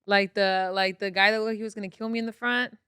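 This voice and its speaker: A woman with a clear, smooth voice chats on a podcast, full of fillers and restarts. She sounds close to the mic in a dry, dead room. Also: mid-range voice, fairly even intonation, quick pace, fairly bright tone, dry recording. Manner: rambling, filler-heavy, stumbles over words. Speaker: podcast co-host. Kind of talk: casual chat.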